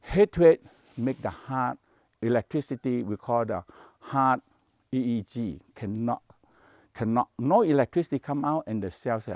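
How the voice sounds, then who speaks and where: A man's voice: mid-range voice, expressive, measured pace, darkish tone, dry recording. A man teaching Taoist meditation practice, speaking English with non-native grammar in short, repeated phrases. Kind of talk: spoken teaching to a workshop.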